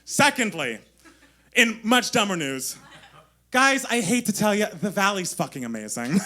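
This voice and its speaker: Bright, excitable man co-hosting a live podcast. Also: high voice. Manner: gushing, quick and excitable, laughs often. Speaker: podcast co-host. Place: live stage before an audience.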